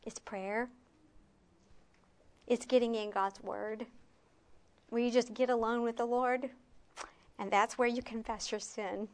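Female retreat speaker, higher-pitched, conversational sermon delivery with self-deprecating asides. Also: steady tone. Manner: chatty, with self-mocking asides; slows and softens on key points. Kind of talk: conversational Bible teaching.

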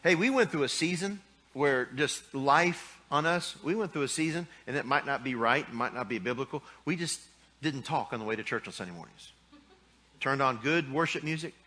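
A man's voice: medium pitch, expressive, normal speed, bright, forceful tone. A middle-aged man preaching a sermon in a folksy, joking way, acting out little scenes from married life. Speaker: pastor.

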